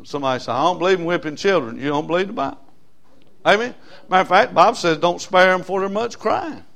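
A middle-aged man preaches a sermon in a high-pitched, fast voice with vocal fry. He calls on his congregation for amens and shifts between loud and soft delivery.

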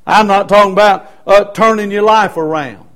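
A man's voice: sits high, moderate pace, fairly bright tone. A middle-aged man preaching a Baptist sermon with emphatic repetition. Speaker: Baptist pastor.

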